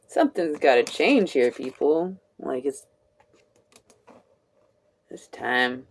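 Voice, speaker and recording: A woman's voice: very deep voice, expressive, slightly rough. A woman giving a casual live tarot reading, chatty and laughing often, with casual swearing. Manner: slow, drawn-out delivery. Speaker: tarot reader.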